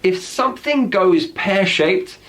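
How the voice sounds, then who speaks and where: A British man with a fairly high voice teaches slang with a chatty, teacherly manner. He breaks into little acted-out example phrases as he explains. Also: expressive, slow, a bit bright. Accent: British English. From Britain.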